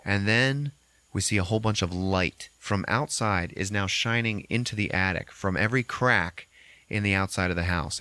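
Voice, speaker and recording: A man hosting a podcast, recapping a movie in a casual, animated way with constant swearing. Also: on the low side, no room sound. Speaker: podcast host.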